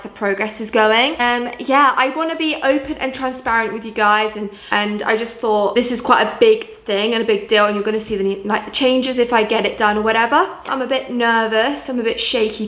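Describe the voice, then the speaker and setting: In a relaxed home vlog, a young woman from Jersey speaks to the camera in a slightly high voice with a fairly bright tone. Fillers like "like" and "um" crop up constantly, and the room gives the audio an echoey quality.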